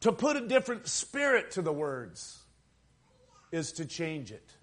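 High-voiced preacher with emphatic swings. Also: male voice, wildly swooping pitch, measured pace, a bit bright. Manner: emphatic, rising and falling preaching cadence. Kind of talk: sermon.

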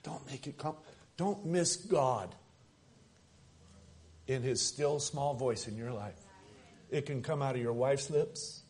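Male pastor, mid-pitched voice, preaching sermon with dynamic loud-to-hushed delivery. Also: slow pace, long pauses. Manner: preaching with swings between loud emphasis and soft near-whispers. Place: church service.

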